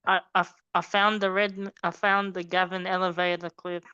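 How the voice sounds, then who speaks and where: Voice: mid-range voice, flat delivery, normal speed, sharp tone, smooth, no echo. A podcast co-host in casual chat, mostly short interjections and hesitant starts. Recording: dull lo-fi dry sound.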